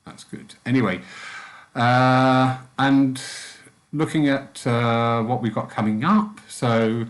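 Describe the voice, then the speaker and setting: A man leading a church group's guided meditation, then chatting casually with them in a gentle, soft-spoken way. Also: medium pitch, steady tone, slow pace. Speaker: spiritualist church meditation leader.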